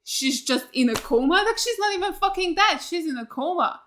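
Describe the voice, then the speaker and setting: Woman host, reaction channel, bright high voice, unfiltered and excitable. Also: fairly quick, a little hiss or hum. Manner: excitable, blunt, heavy swearing; gasps and laughs in surprise. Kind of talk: casual TV reaction commentary.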